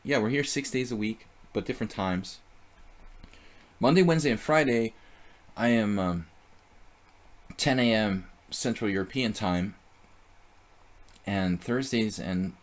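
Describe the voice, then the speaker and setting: A man's voice: fairly low pitch, takes it slowly, long pauses. A man streaming live chess, thinking aloud about his moves and chatting casually with viewers.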